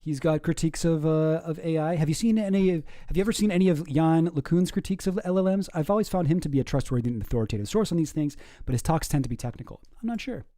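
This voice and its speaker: Guy ranting sarcastically over a video, mellow voice, dry close sound. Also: a little high, fast talker, hardly any pauses, no echo. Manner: sarcastic, profane, rambling. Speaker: commentator reacting to a video. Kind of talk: casual reaction commentary.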